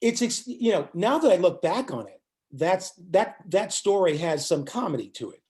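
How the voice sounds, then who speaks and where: A man's voice: high-pitched, normal speed. An older man, a musician guest in an interview, telling a story and acting out the lines of the people in it. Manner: animated storyteller acting out quotes.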